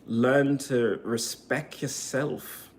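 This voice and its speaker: A man delivering a heated, profanity-filled monologue rant as a vlogger, swinging between loud outbursts and quiet, emotional stretches. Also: medium pitch, drawn-out words, slight background noise.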